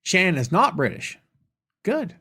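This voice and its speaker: A man's voice: high voice, sing-song, a little slow, gravelly, pushed and bright, slightly rough. A man with a Southern US accent hosting a live question-and-answer podcast. He rants emphatically and casually, repeating lines for effect. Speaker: podcast host.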